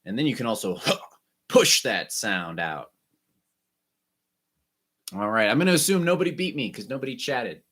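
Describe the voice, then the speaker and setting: A man teaching an online music lesson, guiding students through breathing and warm-up exercises with short, encouraging instructions. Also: medium pitch, lively intonation, normal speed, long pauses, husky.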